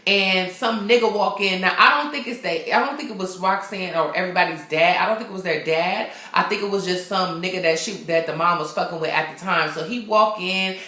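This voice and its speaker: A woman's voice: lowish voice, fairly quick, few pauses, pushed and bright. A woman vlogger recapping a film in casual, slangy, profane storytelling. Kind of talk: casual chat. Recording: echoey room.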